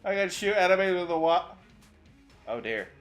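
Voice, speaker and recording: Young guy streamer chatting w chat while gaming, pitch bouncing all over, lil faint music behind. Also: moderate pace. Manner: chatty, answers chat while playing, sudden excited outbursts. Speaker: VTuber streamer. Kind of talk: gaming livestream commentary.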